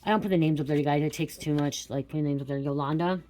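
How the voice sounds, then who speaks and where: Low-voiced woman giving a psychic reading. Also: quick pace, dark tone. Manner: repetitive, stream-of-consciousness, blurting names. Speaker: psychic card reader. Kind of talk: intuitive reading to viewers.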